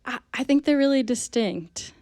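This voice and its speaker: A woman musician chatting as a radio guest, soft-spoken and hesitant, with many ums and small laughs. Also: high voice, lively intonation, normal speed, dry recording, studio quality. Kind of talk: casual radio interview chat. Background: guitar.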